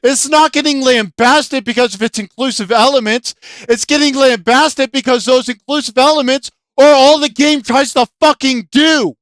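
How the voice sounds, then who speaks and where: A video game commentator in an angry, profane rant, yelling often, with a throat sore from shouting. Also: high-pitched, moderate pace, dry recording, clean studio sound.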